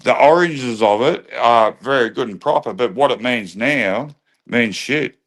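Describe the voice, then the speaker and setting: A man's voice: medium pitch, unhurried, fairly bright tone. An Australian man hosts a livestream and argues his point hard. He swears constantly and circles back to the same lines again and again. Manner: swearing, repetitive, lecturing. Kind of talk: heated livestream argument.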